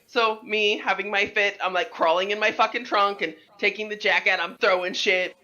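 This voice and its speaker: Profane, animated woman telling a story. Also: medium pitch, normal speed. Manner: animated storytelling, heavy swearing. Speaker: podcast co-host. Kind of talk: casual chat.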